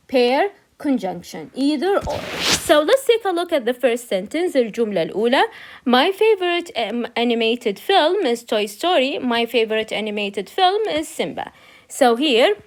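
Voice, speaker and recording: A woman's voice: high-pitched, darkish tone. A woman English teacher, an Arabic speaker, patiently explaining grammar and repeating each point in English and Arabic. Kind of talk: grammar lesson, switching between English and Arabic.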